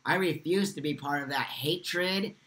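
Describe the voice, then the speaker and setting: A man's voice: on the high side, a little slow, pushed and bright. A man hosting a live stream from his phone, answering viewers' comments. He speaks with impassioned emphasis and repeats lines for force.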